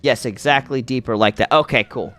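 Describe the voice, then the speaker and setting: A man's voice: mid-range voice, a little fast, fairly bright tone, soft background music. A man hosting a casual live gaming stream, chatting with viewers and thinking aloud while he plays.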